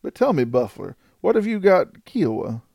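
A man voicing a coarse, desperate male outlaw in an audiobook, with rough frontier dialect. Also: sits high, big pitch swings, moderate pace, darkish tone, no echo, clean studio sound, pitched above the performer's own voice, exaggerated voice. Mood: rueful.

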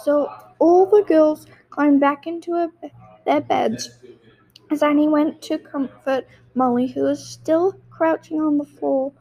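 A woman's voice: sits high, steady tone, unhurried, dark tone, highs cut off. A woman reading a storybook aloud, with small slips and restarts.

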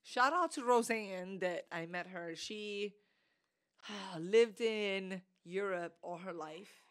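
A woman's voice: mid-range voice, takes it slowly, a bit bright. A woman from New York co-hosting a podcast, teasing her friend and quoting others in a casual chat. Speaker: podcast co-host.

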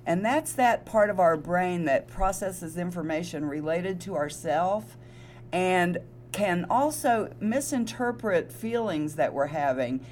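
A woman co-host with a somewhat low voice talks in a relaxed, explanatory way. She backs up her partner with warm affirmations. A faint hum runs underneath. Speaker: co-host, registered nurse. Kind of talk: casual podcast chat.

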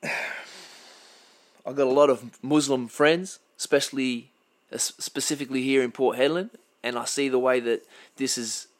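An Australian man giving blunt, impassioned unscripted commentary, halting often and restarting his sentences. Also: medium pitch, steady tone.

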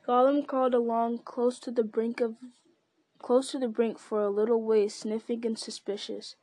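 Warm-voiced woman narrating a story. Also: a little high, level tone, moderate pace, no room sound. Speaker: audiobook narrator. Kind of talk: scripted narration.

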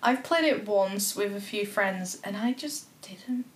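A woman's voice: mid-range voice, unhurried, reverberant, slight background noise. A young woman with a Northern English accent in a casual chat, telling wry, self-deprecating stories.

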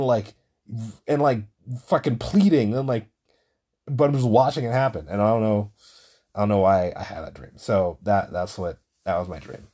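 A man hosting his own show, telling a story in a rambling, profane, casual monologue and getting louder when he is worked up. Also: normal speed. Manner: gets loud and high-pitched when excited. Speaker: podcast host.

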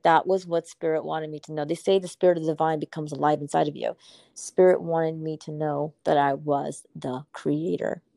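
A woman's voice: low-pitched, gravelly, dark tone, no room sound. A woman speaking as a purpose coach in a casual podcast conversation, effusive and emphatic, swearing casually.

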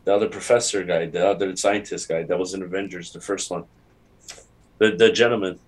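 A man in casual chat as a podcast co-host, excitable and rambling, laughing often. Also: low-pitched, brisk.

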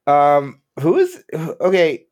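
A man jumps into podcast banter with animated asides. His pitch moves a great deal, swinging up and down as he talks. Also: takes it slowly. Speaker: podcast co-host. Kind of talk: casual podcast chat.

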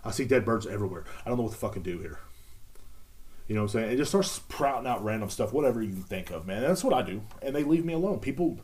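A man's voice: fairly low pitch, expressive, quick pace, a little mellow. A man hosting a casual solo podcast, rambling through jokey stories with lots of fillers. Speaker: podcast host.

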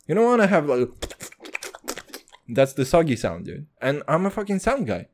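A man from Kazakhstan hosting his own podcast, ranting casually with lots of swearing and excitement. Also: on the high side, moderate pace. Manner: profane, rambling, excitable. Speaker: podcast host. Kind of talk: casual solo podcast rant.

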